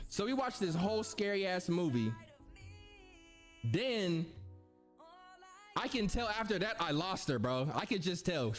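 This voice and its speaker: A young man telling funny personal stories in a casual, slangy way, acting out what people said. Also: high voice. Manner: animated, slangy, acts out quotes. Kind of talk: casual storytelling.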